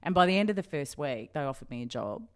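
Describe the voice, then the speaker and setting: Brief: middle-aged Australian woman, low voice, lively anecdotes, laughs a lot. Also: quick pace. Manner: animated, laughing, acts out past dialogue. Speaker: guest journalist. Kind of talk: storytelling interview.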